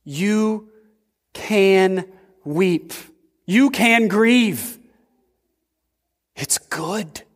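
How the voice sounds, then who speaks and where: A man preaching a sermon as pastor, slow and emphatic, with sudden swings in pitch. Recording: long reverb of a large hall.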